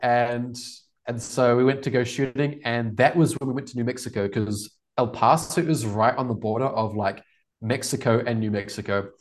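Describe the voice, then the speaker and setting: Podcast guest: New Zealand man in his twenties, relaxed and rambling. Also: medium pitch, moderate pace. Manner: relaxed, rambling, laughs often. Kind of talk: casual storytelling interview.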